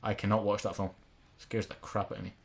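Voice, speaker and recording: A man's voice: fairly low pitch, flat delivery, fast, vocal fry. A Scottish man in his twenties co-hosting a podcast, rambling and swearing in casual chat. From Scotland. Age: 20s. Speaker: podcast co-host.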